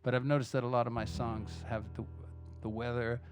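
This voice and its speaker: A man's voice: mid-range voice, little pitch movement, a little fast. Texas guy joking around between songs at a club gig, loose and chatty, swears a bit, guitar behind him. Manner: loose, chatty, self-interrupting, swears casually. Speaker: singer-songwriter performing live. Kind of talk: rambling stage banter between songs. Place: live music club.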